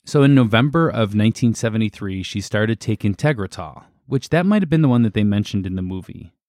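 A man co-hosting a casual podcast chat, relaxed and halting as he reads from his notes. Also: fairly low pitch, no room sound, clean studio sound. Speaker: podcast co-host.

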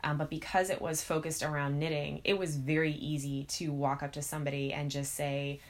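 A woman with a notably low voice for a woman, chatting casually as a podcast co-host. She speaks in a measured way, working through her thoughts aloud with frequent pauses. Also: little pitch movement. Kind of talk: casual chat.

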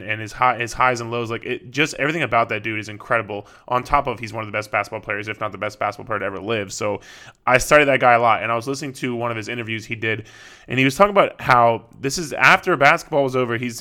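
A man's voice: medium pitch, bright, forceful tone. A young man hosting a fitness podcast, talking in a casual, profane, rambling way with lots of fillers and restarts. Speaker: fitness coach and podcast host.

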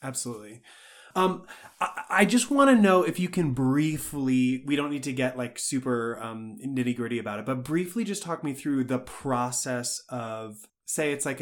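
A man hosts a casual interview, asking long, rambling questions that circle around before landing. His voice sits at an ordinary middle pitch. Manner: rambling, searching questions with fillers.

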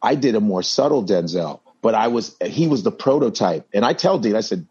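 A man telling stories in a casual chat, animated and quick to act out the people in them. His voice is husky, with a lively rise and fall. The recording is slightly muffled and lo-fi. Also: on the low side. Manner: animated storyteller, acts out voices. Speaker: comedian and impressionist, guest.

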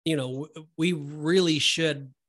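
A man's voice: a little high, fairly even intonation, a little slow, fairly bright tone. Earnest man discussing scripture. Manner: earnest, preachy, with many fillers and restarts. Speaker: podcast co-host. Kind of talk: casual Bible discussion.

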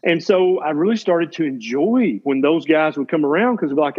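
A physician from Tennessee, a guest on a podcast, tells stories in a blunt, folksy, plain-spoken way with a Southern accent. His voice is fairly high, expressive and darkish with a breathy edge, at normal speed. The podcast audio is dull and lo-fi.

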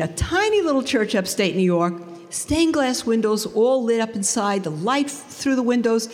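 A woman giving a lively personal testimony talk, storytelling with big swings into quoted voices. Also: on the high side. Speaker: speaker giving a conversion testimony. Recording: long hall reverb.

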